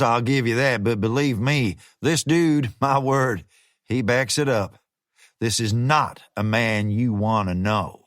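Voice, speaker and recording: Male reader playing a fixer, laid-back and threatening, slow lively delivery. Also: medium pitch, no room sound, clean studio sound. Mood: menacing. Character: menacing American male hired fixer, slangy.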